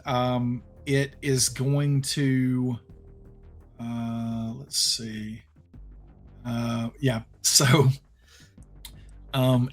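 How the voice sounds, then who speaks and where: A game master with a Southern US accent talks the players through the scene. His delivery is halting, with frequent ums and restarts. Faint music plays quietly behind him. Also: medium pitch. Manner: hesitant, many ums and restarts. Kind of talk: narrating a tabletop game.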